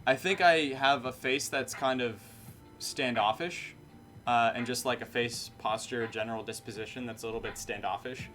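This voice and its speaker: Dude streaming late, flat matter-of-fact delivery, guitar music going behind him. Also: male voice, mid-range voice, moderate pace. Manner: matter-of-fact, falling inflections; rambling, self-correcting. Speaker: streamer and bartender. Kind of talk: casual live-stream chat.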